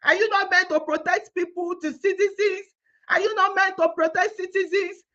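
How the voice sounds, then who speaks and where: Indignant Nigerian woman, high voice, lo-fi. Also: steady tone, moderate pace, sharp tone. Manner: pleading, indignant, rhetorical questions. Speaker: activist vlogger. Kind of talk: impassioned monologue. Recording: dull lo-fi phone audio.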